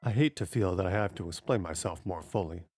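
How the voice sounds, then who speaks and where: A man voicing a stern, formal middle-aged father who speaks in a measured way. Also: low voice, a little mellow.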